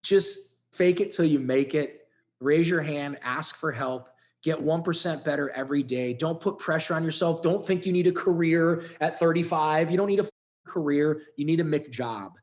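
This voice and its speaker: A man's voice: fairly high pitch, normal speed, darkish tone, dull audio. Man in his fifties telling his story. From Ohio. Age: 50s. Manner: emotional, candid storytelling with frequent swearing. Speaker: podcast guest. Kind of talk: storytelling in a casual interview.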